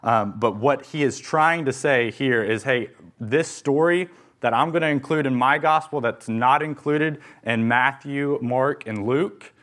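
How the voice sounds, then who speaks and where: A man's voice: mid-range voice, a bit bright. A young adult man, a pastor, preaching a sermon in an earnest, emphatic way, with some fillers and restarts.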